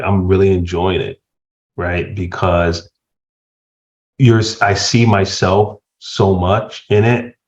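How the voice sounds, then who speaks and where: A middle-aged man chatting casually as a podcast guest, telling stories with laughter and lively voice swings. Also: on the low side. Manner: animated storyteller, laughs while telling stories. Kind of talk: casual chat. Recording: dull lo-fi sound.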